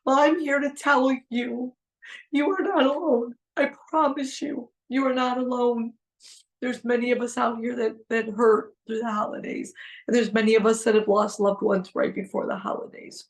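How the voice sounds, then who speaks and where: A woman's voice: a little high, steady tone, moderate pace, vocal fry. A middle-aged woman hosting a heartfelt solo podcast, talking earnestly and pleading, repeating phrases for emphasis. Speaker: podcast host.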